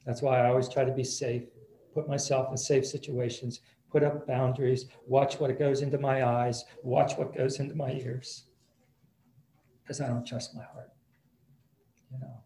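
A man's voice: mid-range voice, little pitch movement, moderate pace, dark tone, reverberant, slight background noise, low-quality recording. A man preaching a sermon as pastor in an easygoing, conversational way, often repeating words as he restarts.

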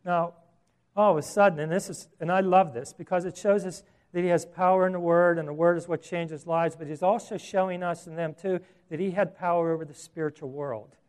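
Male pastor, sermon delivery, conversational and animated, voice a bit high. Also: a little fast. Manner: animated and conversational, with rhetorical questions.

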